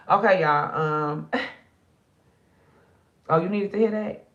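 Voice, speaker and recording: A woman's voice: deep voice, big pitch swings, normal speed, creaky, pauses often, a bit bright, echoey room, far from the mic, highs cut off. A tired woman talking at night to her viewers in a casual, emotional vlog. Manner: tired, emotional, talks straight to viewers as sisters. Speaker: spiritual card reader and channel host.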